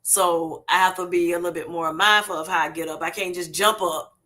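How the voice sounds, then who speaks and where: There's slight background noise as a middle-aged woman chats casually with viewers on her livestream via a streaming setup, laughing often and calling them honey and y'all. Her low-leaning voice is bright and forceful, a little fast, with fairly even intonation.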